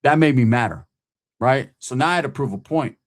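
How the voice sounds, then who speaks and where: A middle-aged man tells a rough, profanity-laden story from his past in a loose, animated way. He keeps checking in with his listener by asking "right?". His voice sits at an ordinary middle pitch. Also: fairly quick. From California. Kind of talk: casual storytelling.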